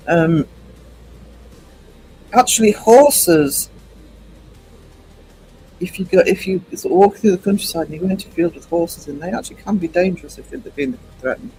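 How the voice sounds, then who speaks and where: Male streamer, higher register, loose chatty delivery with frequent ums. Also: dark tone, poor audio. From United Kingdom. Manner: rambling, chatty, greets chat by name, many ums. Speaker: livestream host. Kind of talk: casual live-stream chat with viewers.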